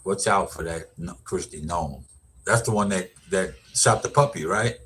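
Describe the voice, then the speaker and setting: A man's voice: low voice, moderate pace, fairly bright tone, a little hiss or hum. A middle-aged man, an educator, giving casual, rambling commentary with lots of restarts and repeated words. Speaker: vlogger, educator.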